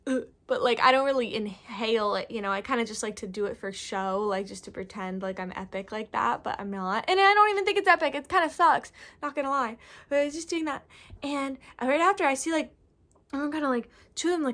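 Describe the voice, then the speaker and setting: A young woman with a bright, high-pitched voice tells a story straight to camera in a loose vlog style. She rambles goofily, piling on slang and filler words as she goes. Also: quick pace. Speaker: vlogger.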